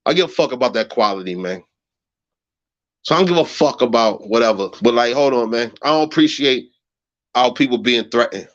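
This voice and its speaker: A man hosting a heated livestream rant, profane and agitated. He repeats phrases and swings from low mutters to high shouts. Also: expressive, a little fast. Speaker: livestream host. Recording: muffled lo-fi livestream audio.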